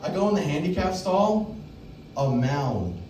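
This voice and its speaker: A young man doing open mic stand-up, telling a crude story with loud acted-out quotes. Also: fairly high pitch, sing-song, unhurried, crowd noise. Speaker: stand-up comedian. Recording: echoey room, mic heard from a distance.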